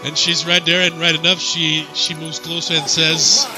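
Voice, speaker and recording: A man's voice: on the high side, level tone, moderate pace, low-quality recording. A man chatting casually during a game playthrough, telling a rambling story with restarts and chuckles. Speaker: co-host of a gaming channel. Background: game music.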